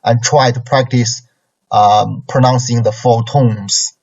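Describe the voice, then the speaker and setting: A man with a husky voice teaches Chinese tones at a very slow pace, checking in with a questioning "okay?" after phrases. The recording sounds dull and lo-fi. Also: medium pitch, fairly even intonation, a little mellow. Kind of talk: classroom lesson.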